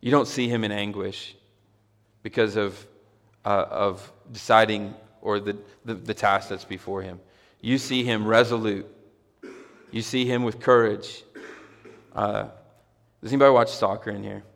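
A man's voice: fairly low pitch, steady tone, a little slow, gravelly, a bit bright. Man preaching a sermon in a reverberant hall. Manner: conversational, rising to emphatic repeated exclamations. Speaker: pastor. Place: church hall with a congregation.

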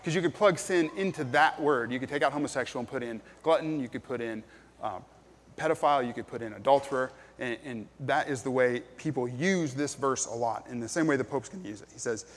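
A man's voice: medium pitch, fairly quick. Earnest male pastor in an echoing hall. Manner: earnest, plain-spoken, many ums and restarts. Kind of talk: sermon.

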